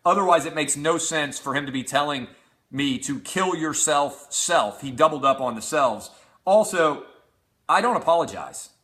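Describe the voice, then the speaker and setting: A man's voice: a little high, animated, moderate pace, pushed and bright. A man hosting a show, reading out hostile messages aloud with sarcastic, profane mockery. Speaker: host. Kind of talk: reading out hate tweets.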